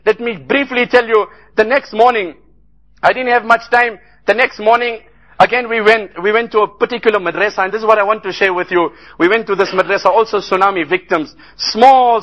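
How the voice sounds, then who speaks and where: A South African Islamic speaker delivers an earnest sermon about a relief trip, telling stories that build into impassioned appeals. His voice sits high with a fairly bright tone, and the recording quality is low.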